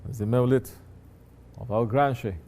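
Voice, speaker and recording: A man's voice: mid-range voice, steady tone, moderate pace, mellow. A man, a sheikh, teaching his disciples in a conversational sermon, often turning to ask listeners if they understand.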